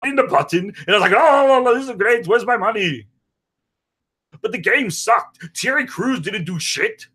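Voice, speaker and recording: A man putting on a crude, rambling impression of a boastful action movie star in a comedic parody interview, prone to sudden shouts and sing-song. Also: high-pitched, expressive, normal speed, slightly rough, heavily acted. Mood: cocky grumbling.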